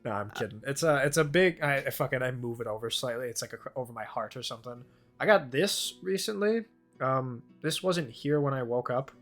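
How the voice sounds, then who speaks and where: A man's voice: medium pitch, expressive, brisk, fairly bright tone, faint music behind. A man playing a tabletop game, rambling and joking with swear words in casual chat. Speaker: player.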